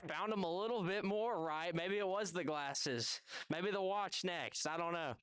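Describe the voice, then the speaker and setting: At an outdoor golf event, a man with a Southern US accent hosts the live competition, offering chatty play-by-play and talking with contestants. His voice sits high and is slightly bright, unhurried, and clean with no room sound.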